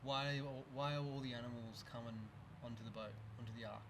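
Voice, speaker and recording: A man's voice: mid-range voice, steady tone, fast, a bit bright, a little hiss or hum. A young adult man, chatting casually as a podcast guest, hesitant and restarting often. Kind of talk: casual chat.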